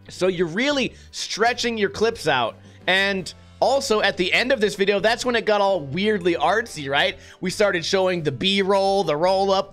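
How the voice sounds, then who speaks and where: Faint, soft music sits behind a fairly high-voiced man who hosts skate video reviews. Commenting casually on the clips, he comes across as blunt and sarcastic, with the occasional swear word.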